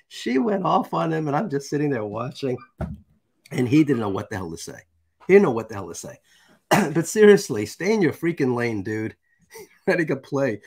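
A man's voice: fairly high pitch, sing-song, moderate pace, darkish tone, slightly rough. A man hosting his channel, reading a text aloud and breaking off into casual, amused asides. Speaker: channel host.

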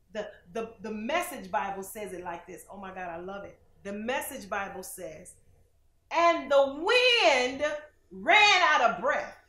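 A woman minister preaching on a TV broadcast, dramatic and questioning, swinging between loud and soft. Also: medium pitch, echoey room, a little hiss or hum. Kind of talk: preaching sermon with call-and-response.

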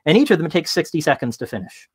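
A man giving an interactive talk from home as a tech consultant, casual and full of fillers, telling lively stories. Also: fairly high pitch, fast talker, husky, dry recording.

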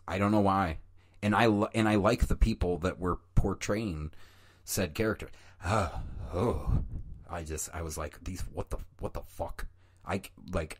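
A low-voiced man talking through a film review on his podcast, recorded close and dry with no room sound. He rambles, swears freely and pokes fun at himself, drifting off topic and then finding his way back. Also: no echo. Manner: rambling, profane, self-mocking, goes off on tangents. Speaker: podcast host. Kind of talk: casual solo film review.

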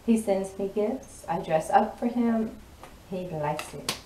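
A woman's voice: medium pitch, slow, warm tone, recorded from a distance. Sassy woman in an echoey room. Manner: sassy, drawling, laughs often. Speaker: tarot reader. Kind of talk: channeling spoken tarot reading. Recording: echoey room, voice off-mic, noisy.

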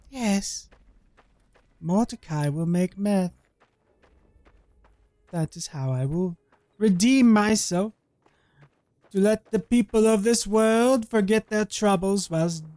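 A man's voice: high voice, a little mellow, dry recording. A man voicing a grandiose, menacing male wasteland wanderer in a melodramatic put-on accent while playing a game. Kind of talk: let's play role-play voice.

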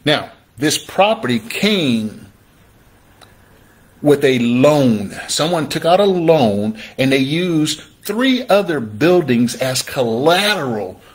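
A man teaching real estate investing on a livestream, energetic and repetitive in a call-and-response way, sometimes acting out his viewers' questions. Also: fairly high pitch, takes it slowly.

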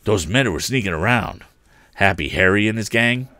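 A man's voice: fairly low pitch, animated, moderate pace, sharp tone, no room sound, pitched above the performer's own voice. A man reading a storybook aloud, voicing a blunt, confident middle-aged male engineer in a firm, matter-of-fact way.

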